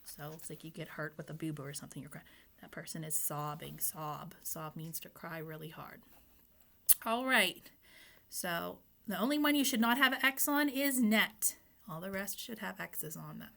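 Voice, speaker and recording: A woman's voice: fairly low pitch, normal speed, vocal fry, pushed and bright. A woman teacher giving a phonics lesson to young children. She sounds out letters and words patiently and asks the children questions. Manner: speaks to the children, asking questions and prompting answers.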